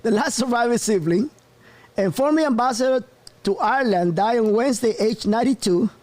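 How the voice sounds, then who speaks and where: A man's voice: very high voice, brisk, darkish tone. A man hosting a casual news commentary show, rambling and often breaking into laughter. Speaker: host.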